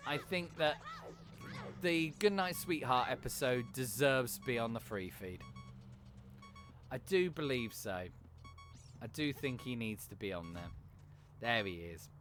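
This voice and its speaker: A man chatting casually while he plays on a live stream, swearing freely and cracking quick jokes. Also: mid-range voice, expressive, a bit bright, soft background music.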